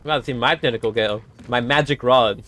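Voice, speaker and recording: A man streaming a video game, chatting casually and excitably, cooing fondly at animals and laughing often. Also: medium pitch, quick pace. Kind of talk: casual gameplay commentary.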